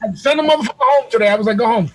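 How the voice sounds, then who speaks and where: A man's voice: very high voice, racing, a little hiss or hum, low-quality recording. A man hosting a casual video-call chat, telling profane, boisterous stories. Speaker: host.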